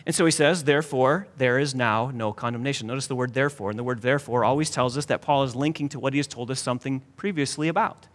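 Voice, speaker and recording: A man preaching a sermon emphatically, dropping to a near hush to stress key points. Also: mid-range voice, racing, hardly any pauses, long reverb tail. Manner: emphatic, with dramatic drops to a hush.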